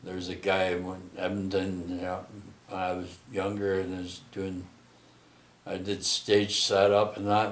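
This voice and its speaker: A middle-aged man, rambling through a personal story with many halting restarts and tag questions. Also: low voice, echoey room. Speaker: vlogger telling a personal story.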